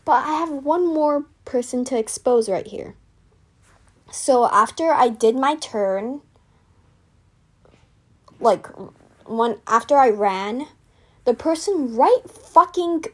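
Teen girl vlogger, slightly high, slow, rambling and indignant. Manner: chatty, self-deprecating, rambling with fillers; indignant, venting. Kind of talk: casual storytime vlog.

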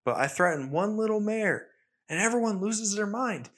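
Mocking male film villain, quoted by a podcast host, pitch climbing. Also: expressive, normal speed, fairly bright tone.

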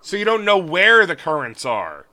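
A man's voice: sits high, huge pitch swings, moderate pace, sharp tone. A man co-hosting a podcast, bantering casually and playfully stubborn in his jokes. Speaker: podcast co-host.

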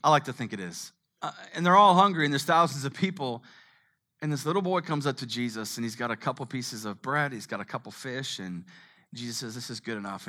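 A middle-aged man preaching a sermon. He swings from hushed tones to shouting. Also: mid-range voice. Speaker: pastor.

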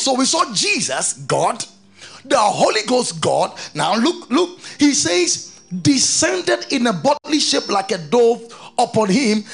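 A man preaching a sermon, reading scripture aloud and keeping on questioning his congregation in an animated way. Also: very high voice, a little slow, gravelly, slightly rough, soft background music. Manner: reads scripture aloud between explanations.

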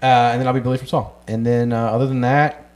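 A man's voice: mid-range voice, flat delivery, fast, darkish tone. A young adult man co-hosting a comedy podcast, joking in casual banter and laughing often. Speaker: podcast co-host and stand-up comedian.

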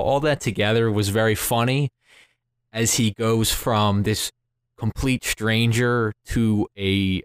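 Measured, low-voiced man with a smooth tone. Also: dry recording, clean studio sound. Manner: measured and earnest, with frequent "uh" fillers. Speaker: podcaster and movie critic. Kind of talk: casual podcast discussion.

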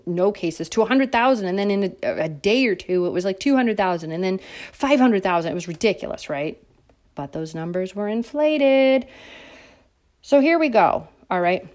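A woman's voice: medium pitch, a little mellow. A woman talking straight to her audience in a heated political rant. She swings between sarcasm and outrage, mocking the people she criticizes. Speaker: political commentator. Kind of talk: opinionated monologue to viewers.

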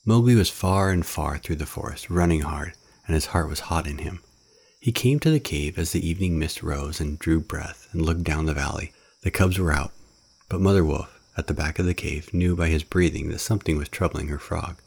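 A man's voice: very deep voice, normal speed, gravelly, a little mellow, breathy edge. A man narrating a classic storybook.

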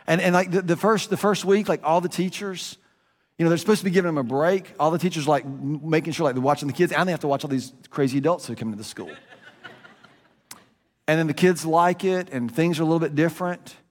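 A man's voice: on the high side, fast talker. A man preaching a conversational sermon, his voice rising and dropping for emphasis. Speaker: pastor. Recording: long reverb of a large room.

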